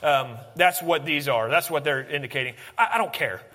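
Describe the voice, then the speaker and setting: A man preaching a sermon, swinging from animated emphasis to hushed, intense lines. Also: a little high, normal speed, big-room sound. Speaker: pastor.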